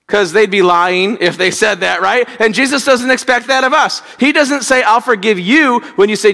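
A man's voice: high-pitched, normal speed, hardly any pauses, bright, forceful tone, long reverb tail. A man preaching a conversational sermon, often repeating words and acting out quoted speech. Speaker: pastor.

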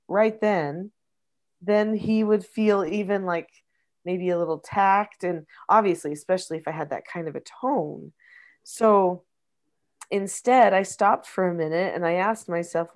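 A woman's voice: on the low side, measured pace, a little mellow. A middle-aged woman, a mother, talking casually and reflectively about parenting, explaining her ideas with frequent restarts. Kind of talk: casual conversational advice.

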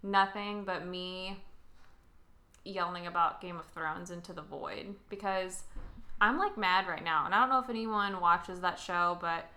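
A young woman with a bright, forceful voice co-hosts a casual podcast. She talks in an animated way, laughs easily and rants with real feeling. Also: on the low side, measured pace, slight background noise. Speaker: podcast co-host. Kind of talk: casual chat.

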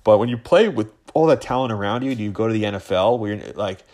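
A man's voice: fairly low pitch, animated, fast talker, darkish tone. A man in his thirties hosting a casual sports podcast, rambling with many restarts and growing heated as he tells a story. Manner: rambling, frequent restarts and fillers, gets heated. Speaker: podcast host.

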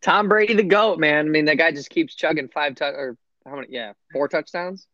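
A man trades casual fantasy football banter, animated and sarcastic, and swears freely. His voice is dry and close, with slightly dull, muffled audio. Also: fairly high pitch, fairly quick, no room sound. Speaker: podcast co-host.

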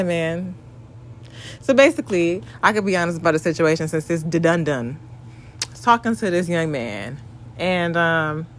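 A young woman, telling a story in a casual rant, profane and exasperated, breaking into shrill mock outbursts. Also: a little mellow.

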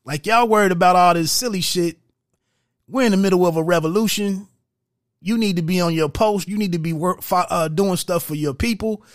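A man's voice: high voice, a little fast, no echo, studio quality. A man giving a casual, profane recap of a movie, acting out its scenes with quoted lines. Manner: loose, profane, retells scenes with quoted dialogue. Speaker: movie reviewer.

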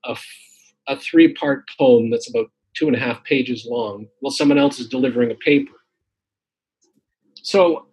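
Husky older man telling a story. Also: mid-range voice, a little mellow, low-quality recording. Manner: reflective, storytelling, many fillers and restarts. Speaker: guest poet. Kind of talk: casual conversation. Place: home, tree shredding outside.

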